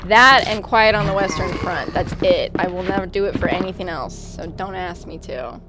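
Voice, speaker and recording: A woman's voice: fairly low pitch, moderate pace. A young woman streaming a game, chatting casually, swearing freely and laughing often. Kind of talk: casual livestream chat while gaming. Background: game music.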